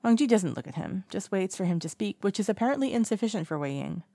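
A woman reading fiction aloud in calm, even storytelling. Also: mid-range voice, fast talker, gravelly, dry recording, clean studio sound. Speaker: narrator. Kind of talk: audiobook narration of fiction.

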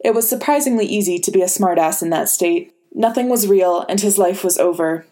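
A woman narrates a story aloud at a medium pitch, measured and steady. She lets tense moments land with dramatic weight. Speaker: fan fiction reader. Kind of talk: scripted narration.

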